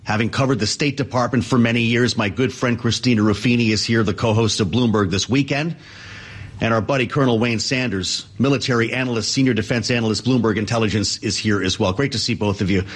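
A man hosting a live news segment, his voice husky and slightly raspy. He keeps things breezy, ribbing his guests between questions. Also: medium pitch, quick pace. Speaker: news anchor.

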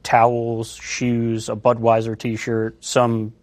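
A man's voice: medium pitch, monotone, slow, darkish tone. A male detective telling his story in an interview, casual, acting out quoted dialogue. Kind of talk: interview recollection.

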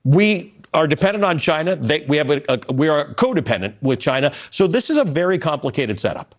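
A man's voice: on the high side, fairly quick. A man anchoring a cable news show, reading quoted editorials and questioning his panel. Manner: lively, quotes editorials then reacts with incredulity.

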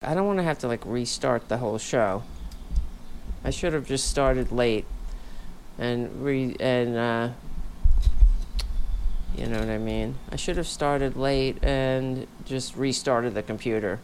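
Tired woman host, low-pitched, casual rambling delivery, home mic, faint room hum behind. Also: measured pace, pauses often, a little mellow. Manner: rambling, chatty, candid. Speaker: podcast host. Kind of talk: casual livestream chat. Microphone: home studio microphone.

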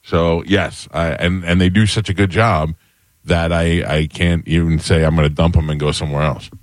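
Male radio host, very low voice, dry close mic, animated grumbling banter. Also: normal speed, dry recording. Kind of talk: casual on-air banter.

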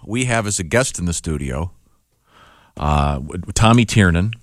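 A man's voice: deep voice, expressive, unhurried, dry recording. A man hosting a talk radio show, chatting easily and introducing a guest in a radio studio.

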